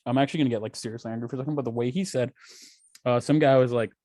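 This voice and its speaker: A man's voice: medium pitch, steady tone, very fast, dark tone, dry recording, studio quality. A young man co-hosting a podcast, talking casually in a heated, profane, rambling way. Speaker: podcast co-host. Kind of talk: casual chat.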